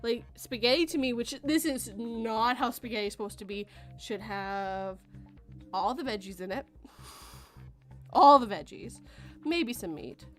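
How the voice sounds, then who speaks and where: A woman from Canada hosting a casual podcast chat, talking in an animated, chatty way and laughing often. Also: on the high side, a little slow, long pauses, faint music behind. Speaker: podcast host.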